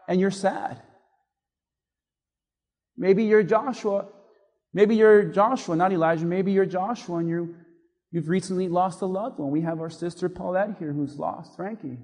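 A man's voice: sits high, moderate pace, pauses often, darkish tone, long reverb tail. A male pastor giving a conversational sermon, acting out little quoted remarks as he goes. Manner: conversational preaching with quoted asides. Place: church.

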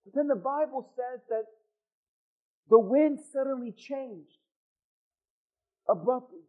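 A man preaching a sermon as pastor, swinging from loud, emphatic lines to hushed ones. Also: very high voice, slow. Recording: thin phone-like sound.

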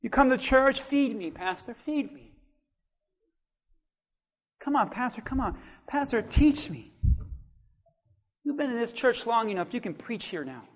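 A pastor preaching a sermon, swinging from quiet asides to loud, animated calls and acting out what people say. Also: male voice, extremely high pitch, unhurried, pauses often.

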